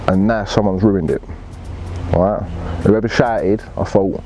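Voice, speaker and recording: A man's voice: lowish voice, measured pace, warm tone, a little hiss or hum. A man telling a fishing story in blunt, laddish slang and swearing freely. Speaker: angler telling his story. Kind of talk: casual storytelling.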